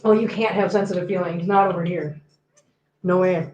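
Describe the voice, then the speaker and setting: A woman's voice: on the low side, fairly even intonation, moderate pace, a little mellow, reverberant, highs cut off. A woman hosting a casual livestream from home, chatting and joking while she talks to her cats. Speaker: host.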